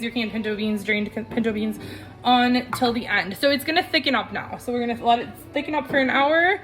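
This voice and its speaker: A woman's voice: fairly high pitch, brisk, a bit bright, soft background music. Chatty woman cooking at home. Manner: chatty, talks to viewers while cooking. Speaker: cooking vlogger. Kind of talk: casual cooking demonstration. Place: home kitchen.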